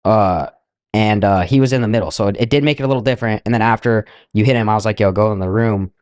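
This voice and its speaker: A man's voice: fairly low pitch, fast, darkish tone, clean tone, no room sound. A young man co-hosting a podcast, casually retelling a night out in a loose, profane way with quoted asides. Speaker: podcast co-host. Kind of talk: casual storytelling.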